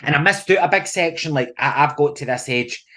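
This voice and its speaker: A middle-aged Scottish man, a podcast guest, chatting casually and telling animated stories with frequent laughs. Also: fairly high pitch, brisk. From Scotland. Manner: animated storyteller, laughs often. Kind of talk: casual chat.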